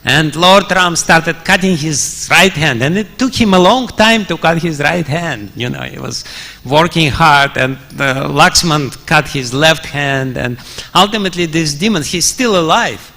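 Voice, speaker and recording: A man's voice: fairly high pitch, a little slow, sharp tone. A man preaching a scripture story in a temple hall, chuckling often and using many fillers. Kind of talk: storytelling sermon.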